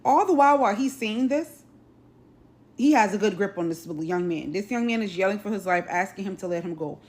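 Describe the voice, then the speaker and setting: A woman's voice: medium pitch, lively intonation, a little fast, darkish tone. A woman hosting a social video, retelling a news story in urgent, clipped phrases. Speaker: host.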